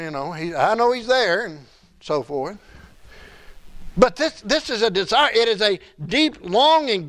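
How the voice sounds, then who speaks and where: A man's voice: sits high, fairly bright tone. A middle-aged man preaching a sermon as pastor, building emphasis and adding asides to the congregation.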